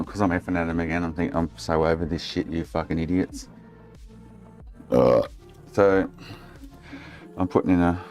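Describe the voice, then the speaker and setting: A man's voice: deep voice, darkish tone. A man with an Australian accent streaming console repairs, chatting casually and ranting in frustration, swearing a lot. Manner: exasperated ranting, heavy swearing. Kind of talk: casual livestream chat while working.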